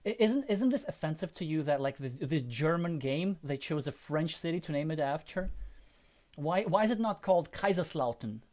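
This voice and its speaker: A male host commentates a live board game match in a chatty, musing way, tripping over his words and starting over. His voice sits a little high for a man. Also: animated, moderate pace, a little mellow. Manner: chatty, speculative, stumbling restarts.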